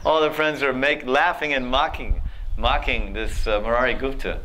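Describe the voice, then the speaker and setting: A man telling devotional stories in a sermon, animated, acting out characters and laughing often. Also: mid-range voice, fairly quick, a little hiss or hum. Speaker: spiritual teacher. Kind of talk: storytelling sermon.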